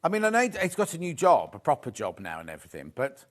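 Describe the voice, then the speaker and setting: A middle-aged shopping channel host runs a live sewing show in a TV studio, swooning over fabrics and bantering playfully with the crew. He has a mid-range voice, swings hugely in pitch, and talks quickly.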